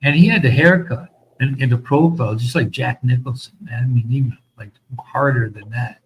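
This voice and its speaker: A man's voice: medium pitch, a little fast, a little hiss or hum, low-quality recording. A middle-aged man from the United States, hosting a casual chat and telling long, profane army stories with many fillers. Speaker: host.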